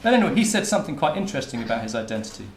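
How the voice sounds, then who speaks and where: In a lecture room, a Hertfordshire-born university researcher talks very fast in a medium-pitched voice with big swings in pitch. His conference talk is informal, peppered with fillers and restarted sentences. The recording has that roomy lecture-hall quality.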